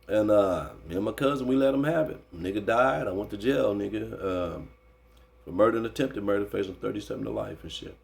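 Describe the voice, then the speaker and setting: This interview guest has a lowish male voice with vocal fry and a fairly quick pace. He narrates his story casually, swearing and using slang, often adding "you know what I'm saying," and grows animated recounting the fight.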